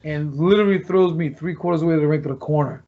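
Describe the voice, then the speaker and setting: Man, fairly high voice, casual storytelling, rambling with restarts, muffled lo-fi audio. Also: racing. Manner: rambling, restarts often, acts out quoted lines. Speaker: former pro wrestler, guest. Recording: dull lo-fi podcast audio.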